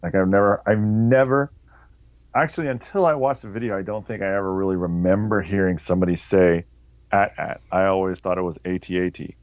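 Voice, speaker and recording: A man's voice: low voice, steady tone, a little fast, darkish tone, dry recording. A man co-hosting a podcast, talking in a laid-back casual way. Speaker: podcast co-host. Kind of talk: casual chat. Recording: dull dry remote audio.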